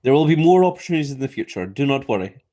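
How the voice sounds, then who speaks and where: A man's voice: mid-range voice, lively intonation, very fast, dark tone. A man hosting a livestream, calling a giveaway in a playful wrestling-announcer manner and reading chat messages aloud. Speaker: livestream host.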